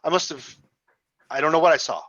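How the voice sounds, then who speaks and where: A man's voice: a little high, fairly quick, fairly bright tone, dry recording, dull audio, voice pushed up, natural voice. A man voicing a nervous male acolyte who stammers and defers politely. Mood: flustered. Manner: stammering, hesitant.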